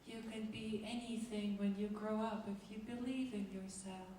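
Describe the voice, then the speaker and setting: A woman's voice: mid-range voice, steady tone, moderate pace, dark tone, slight background noise, pitched above the performer's own voice, close to an everyday voice. A woman voicing a sweet, encouraging male cartoon toddler creature, recorded in an echoey theatre from a distance. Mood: sweetly upbeat. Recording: echoey theatre, mic far off.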